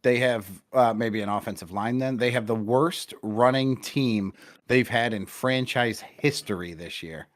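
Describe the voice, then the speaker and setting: A man's voice: mid-range voice, a little slow. A man co-hosting a podcast over a call, rambling about sports in a profane, self-deprecating way. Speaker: podcast co-host. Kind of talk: casual sports chat. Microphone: remote call connection.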